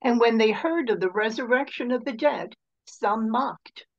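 A woman reading scripture aloud in a steady, measured way. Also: on the high side, lo-fi sound. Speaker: scripture reader.

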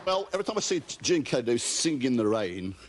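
A man's voice: mid-range voice, big pitch swings, a little fast, heavy background noise. A man with a Birmingham accent, chatting as a game show contestant in an easygoing, dryly humorous way. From Birmingham, England. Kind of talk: casual studio chat.

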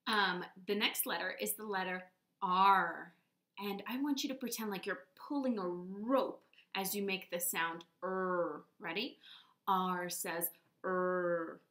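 A woman teaching letter sounds to young children, slow and encouraging, drawing out each sound for them to copy. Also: medium pitch, sharp tone, roomy sound. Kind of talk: children's phonics lesson.

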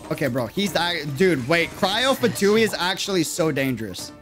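A young man from New York City with a New York accent, chatting casually while streaming a game live and reacting loudly to the action. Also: on the high side, sing-song, normal speed, few pauses, faint music behind. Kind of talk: live gaming stream chat.

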